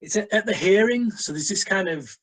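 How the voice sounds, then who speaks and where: A man's voice: high-pitched, lively intonation, fairly quick, fairly bright tone, husky, low-quality recording. A man co-hosting a casual film review chat, a blunt, exasperated critic who uses many fillers. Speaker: co-host of a film review show.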